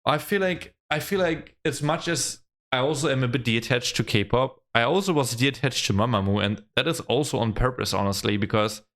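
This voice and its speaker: A young man hosting a reaction vlog, chatting casually and gushing with excitement, often tossing in "man" and "bro" along with the odd swear word. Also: lowish voice. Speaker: reaction video host.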